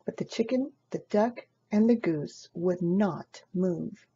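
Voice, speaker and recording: A woman reading a children's picture book aloud in an expressive storytelling manner. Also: on the low side, slow pace, lo-fi sound, slight background noise. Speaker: storybook reader.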